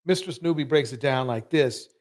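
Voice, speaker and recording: Hosting a live show, a man with a medium-pitched, slightly mellow voice rants about what he just saw at a moderate pace. He is emphatic and keeps repeating himself.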